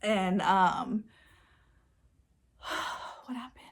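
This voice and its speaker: A woman's voice: mid-range voice, very slow. Chatty young woman swearing freely. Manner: chatty, swears freely, many filler words. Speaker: vlogger. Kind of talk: casual storytime.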